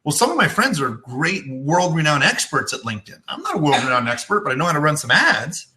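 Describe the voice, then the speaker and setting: Middle-aged male coach, bright and slightly high voice, animated storyteller. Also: a little fast. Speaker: business coach hosting a live web show. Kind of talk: casual teaching talk with anecdotes.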